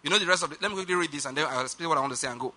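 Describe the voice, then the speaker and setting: Bright high-voiced male preacher. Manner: emphatic, slows down for quoted scripture; rushed asides, calls on congregation to repeat. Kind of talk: sermon.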